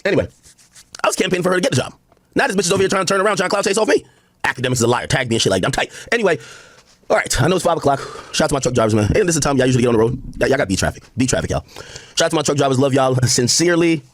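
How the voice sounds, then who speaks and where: A man's voice: mid-range voice, expressive, racing, dry recording. A man ranting and mocking on a livestream, profane and laughing, and he says he is drunk.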